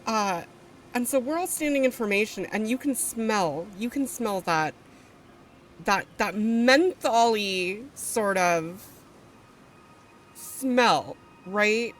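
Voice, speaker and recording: A woman's voice: mid-range voice, animated, slow pace, a little hiss or hum. A woman streamer casually telling a story to her live chat, rambling with fillers, restarts and swearing.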